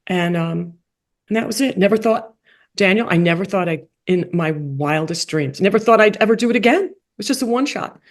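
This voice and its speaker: A woman being interviewed, telling a story in a lively way that acts out quoted dialogue with big jumps in pitch and drops into soft, quiet asides. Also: normal speed. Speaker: guest, coach for rabbis and playwright.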